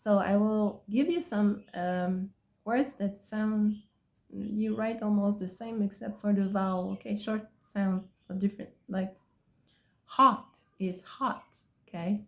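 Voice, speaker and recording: A woman's voice: mid-range voice, fairly even intonation, mellow. A woman teaching English pronunciation in a phonics lesson, repeating example words and drawing out vowel sounds. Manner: slow and deliberate, drawing out vowel sounds with many pauses. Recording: dull, slightly lo-fi sound.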